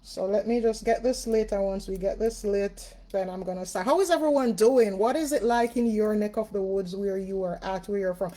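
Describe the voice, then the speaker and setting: Speaking at a normal pace with hardly any pauses, this warm, mid-range female voice belongs to a spiritual reader from Jamaica. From her home she runs a relaxed livestream in a Jamaican accent, greeting viewers by name, chatting away, and filling her speech with fillers.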